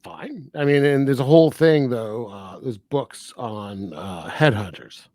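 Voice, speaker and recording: A man co-hosting a film review podcast in casual chat, animated and laughing often as he retells scenes. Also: mid-range voice, unhurried, no room sound, studio quality. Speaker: podcast co-host reviewing films.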